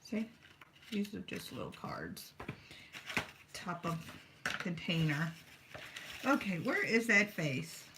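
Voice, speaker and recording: A woman's voice: on the low side, big pitch swings, slow pace, pauses often, noisy background. A woman talking casually as she works on art journals at her craft table, rambling and talking to herself as she goes. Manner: rambling, chatty, talks to herself while working. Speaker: craft vlogger.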